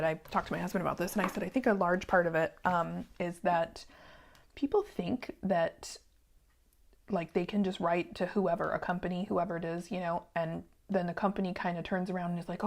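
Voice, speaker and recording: A woman's voice: on the low side, fairly even intonation, a little fast, vocal fry. A woman who runs a small business, chatting casually as she sews and venting about a rude customer. She rambles with many fillers and sometimes drops to a whisper while working. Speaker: small business owner and vlogger. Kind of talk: casual chat while sewing.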